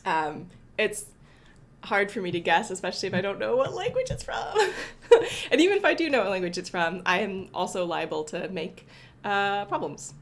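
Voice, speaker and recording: A woman's voice: mid-range voice, very animated, normal speed. A young woman hosting a casual coding livestream from her apartment, greeting viewers by name and a little sniffly from allergies. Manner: chatty, greets viewers by name, self-correcting. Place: apartment home.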